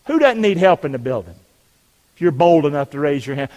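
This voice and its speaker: A man preaching a sermon in a church, calling for amens and rising to shouts. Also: a little high, expressive, brisk. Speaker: pastor. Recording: long hall reverb.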